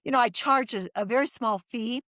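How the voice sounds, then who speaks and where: A woman's voice: a little high, a little fast, dry recording, studio quality. A middle-aged woman telling her story as a podcast guest, acting out the voices of people she quotes. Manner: lively storyteller who acts out quoted voices.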